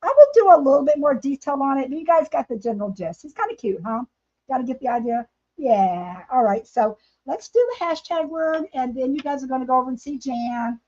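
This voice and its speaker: A woman's voice: high voice, expressive, a little fast, darkish tone. Chatty woman hosting a craft livestream. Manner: chatty, laughing, talks straight to viewers. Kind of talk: casual live-stream chat while painting. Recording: dull lo-fi livestream audio.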